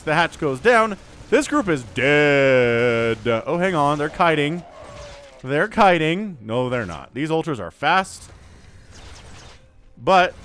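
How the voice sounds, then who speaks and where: A man casting a strategy game match solo, giving excitable play-by-play with jokey asides and little voiced quips for the units. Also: on the high side, slight background noise. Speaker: esports shoutcaster.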